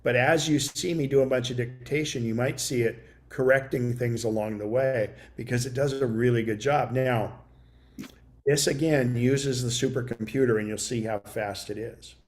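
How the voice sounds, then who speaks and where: A man's voice: mid-range voice, steady tone, moderate pace, a little mellow. A middle-aged man teaching a computer class, chatting casually and dictating punctuation aloud during a demo. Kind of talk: demonstrating voice dictation.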